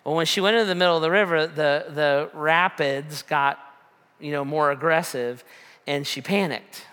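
Casual storytelling preacher, bright voice, fairly high, rambling delivery, long hall reverb. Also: male voice, moderate pace, clean tone. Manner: rambling, casual, many fillers and restarts. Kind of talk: storytelling sermon.

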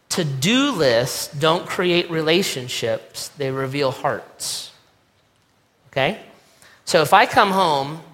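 Middle-aged male pastor, bright and slightly high voice, conversational sermon, long hall reverb. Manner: conversational, acts out quoted voices, repeats key lines.

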